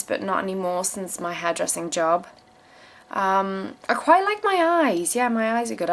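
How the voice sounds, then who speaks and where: This young woman's mid-range voice is a bit bright, and her South African accent is mixed with English. She answers viewer questions she reads aloud, speaking bluntly and swearing a lot in a casual vlog, stressing her advice through emphatic repetition.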